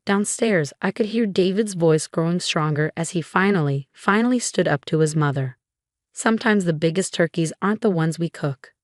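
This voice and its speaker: Calm woman narrating a story, fairly low voice. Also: normal speed, dry recording, studio quality. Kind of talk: scripted first-person story narration.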